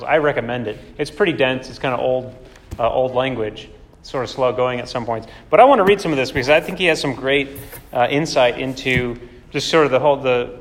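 A man preaching a sermon in a conversational way, often asking rhetorical questions. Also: medium pitch. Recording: long hall reverb.

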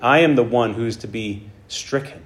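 A man with a medium-pitched voice and moderate pace preaches a conversational sermon on a Bible passage. He teaches informally, checks in often with "right?", and reads scripture aloud with emphasis.

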